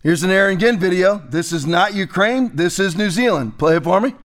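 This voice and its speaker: A man's voice: high-pitched, fairly quick, a bit bright, a little hiss or hum. A man hosting a political commentary show, talking in a sarcastic, mocking way.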